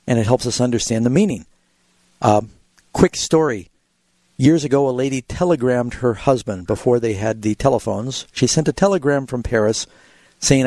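A man's voice: mid-range voice, darkish tone, no room sound. A man hosting a radio Bible call-in show, answering a caller's questions with explanations and illustrative stories.

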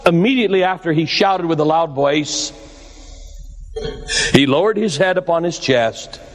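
A man with a high voice preaching a sermon, leaning hard on each word and slowing for emphasis. His voice rings out with a long reverb, as if recorded in a large hall. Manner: slow, emphatic preaching with dramatic pauses. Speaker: pastor.

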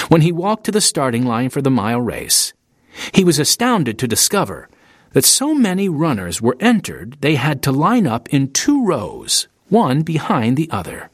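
A man reading an audiobook in steady, scripted narration into a close studio mic. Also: mid-range voice, dry recording. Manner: steady storytelling, lively intonation.

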